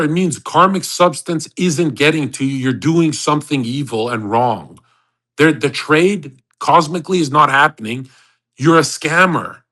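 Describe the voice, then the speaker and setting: A man's voice: on the high side, pushed and bright. A brash, swaggering man ranting in a profane, mocking monologue as host of an online voice chat.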